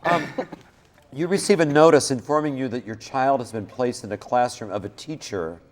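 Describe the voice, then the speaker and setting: A man from Minnesota hosting a comic talk show, lively and talkative, joking and drifting off topic. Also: medium pitch, moderate pace. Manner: lively, talkative, jokey, digresses.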